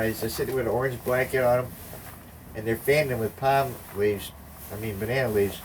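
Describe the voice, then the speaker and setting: An older man telling a rambling, profane anecdote in casual conversation, acting out the voices of the people in it. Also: mid-range voice. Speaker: storyteller. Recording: distant mic with faint background noise.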